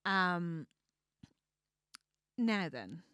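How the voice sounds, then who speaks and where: A woman's voice: on the low side, very animated, very slow, pushed and bright, smooth, no room sound, clean studio sound. A woman co-hosting a podcast in casual chat about a book. She laughs often and acts out the characters' lines as she recaps the story. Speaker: podcast co-host.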